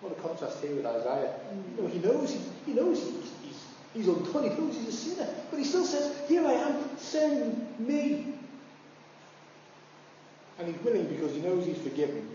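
A man preaching a sermon, animated, climbing high when he acts out voices. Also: brisk, hardly any pauses, slight background noise. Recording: far-off, echoey hall, dull sound.

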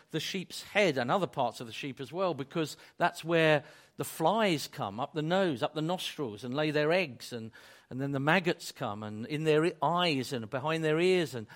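A man with a slightly raised pitch delivers a sermon, building to loud peaks before easing back to near quiet. He restarts and repeats phrases as he goes. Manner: dynamic preaching, swells loud then drops soft. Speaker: preacher.

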